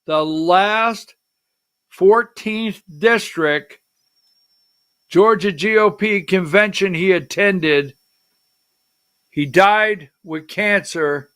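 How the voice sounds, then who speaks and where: Male talk show host, middle-aged, high voice, bright tone, rambling, emotional political commentary. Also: very slow, pauses often, smooth. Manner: emotional, rambling, directing the producer to slides.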